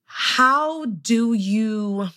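A woman hosts a conversation with a guest. Her voice is bright and clear, and she responds with affirming remarks before she steers the talk onward. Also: a little high, lively intonation, extremely slow. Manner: warmly affirming, attentive listener. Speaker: podcast host. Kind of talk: interview conversation.

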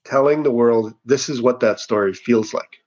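A man with a husky, breathy voice talks in a loose, rambling way, often stopping to restart his sentences. His humor is dry and sarcastic. The audio sounds a little dull and lo-fi. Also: mid-range voice, moderate pace, a little mellow. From Canada. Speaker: satirical news writer. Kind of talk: casual interview conversation.

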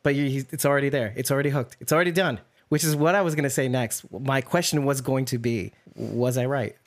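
Rambling, animated man in casual chat. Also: medium pitch, fairly quick. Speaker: podcast co-host.

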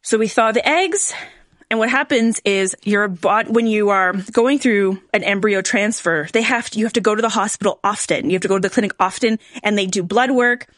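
A woman's voice: mid-range voice, fairly quick, a bit bright, no room sound, studio quality. A woman in her forties, a podcast host, telling a personal story candidly to her listeners with lots of "like" and "right?". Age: 40s. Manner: candid, emotional, tearful at times; frequent "right?" and "like".

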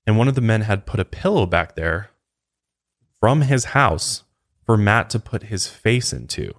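A man with a fairly low voice recounts a crime story at an even, conversational pace, slipping into casual asides now and then. His telling stays plain and steady. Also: unhurried. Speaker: true crime podcast host.

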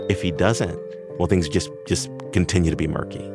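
A male podcast reporter asking questions in a thoughtful, measured way, with small hesitations. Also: deep voice, loud music behind the voice. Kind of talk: interview questions.

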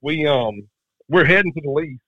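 A man's voice: a little high, expressive, moderate pace, pushed and bright. A man, telling a hunting story in a casual, rambling way, with lots of fillers and restarts. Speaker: guest. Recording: dull lo-fi sound.

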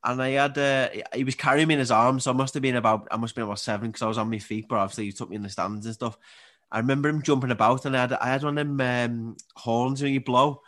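A man in his twenties with a Scouse accent, chatting as a podcast guest and telling animated stories that he laughs through. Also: mid-range voice, fast talker. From Liverpool area, England. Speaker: guest, Paralympic table tennis player. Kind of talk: casual storytelling.

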